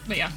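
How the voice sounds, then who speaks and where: Young woman streamer, out of breath, sharp bright tone, slightly high voice, animated storyteller, faint music underneath. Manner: animated storytelling, acting out quoted people. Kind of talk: casual chat while gaming.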